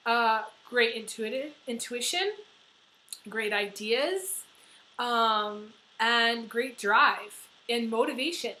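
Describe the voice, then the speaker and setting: A woman's voice: fairly high pitch, sharp tone, low-quality recording. Blunt, chatty woman reading tarot. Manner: blunt, chatty, swears freely, many fillers. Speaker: tarot reader. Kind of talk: casual tarot reading to camera.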